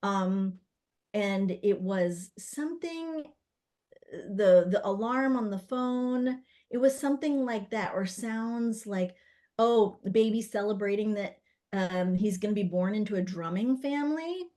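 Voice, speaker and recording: A middle-aged woman, a doula, telling stories in a casual interview, animated and full of fillers as she acts out what others said. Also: medium pitch, a little slow. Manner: animated, acts out quoted voices with many fillers. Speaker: guest, doula and spirit baby psychic.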